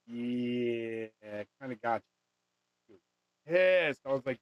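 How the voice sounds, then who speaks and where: Speaking slowly with long pauses, this man has a medium-pitched, animated voice and no room sound. He's a vlogger crafting a money charm, rambling casually, cursing frequently and letting thoughts trail off, all on a dull, dry lo-fi recording.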